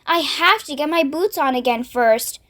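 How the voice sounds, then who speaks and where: A woman's voice: high-pitched, expressive, normal speed, fairly bright tone. A woman voicing a fussy male centipede in a storybook reading.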